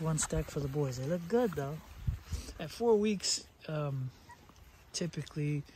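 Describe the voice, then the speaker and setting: A man breeding dogs, chatting casually as he films himself, loudly calling his dogs in an outdoor kennel yard. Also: fairly high pitch. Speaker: dog breeder. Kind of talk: casual vlog narration. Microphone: handheld camera filming alone. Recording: noisy outdoor camera audio.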